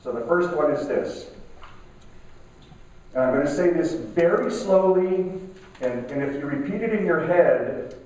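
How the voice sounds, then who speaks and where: Middle-aged guy giving a motivational talk, kinda high voice, super echoey room, mic far off. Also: animated, a little mellow. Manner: conversational, repeats himself, slows down to stress key lines. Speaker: keynote speaker. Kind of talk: motivational talk to a live audience. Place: conference room at a networking event.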